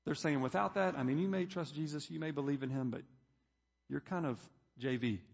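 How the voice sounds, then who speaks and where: Man, pastor preaching, fairly high voice, long hall reverb. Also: brisk, creaky, breathy edge. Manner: preaching, reading scripture aloud with rising emphasis. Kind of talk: sermon.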